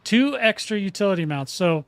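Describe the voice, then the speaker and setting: A man's voice: sits high, lively intonation, moderate pace, fairly bright tone, dry recording. A man hosting a casual game tutorial, folksy and chatty, often restarting sentences and checking in with "okay?". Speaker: gaming channel host.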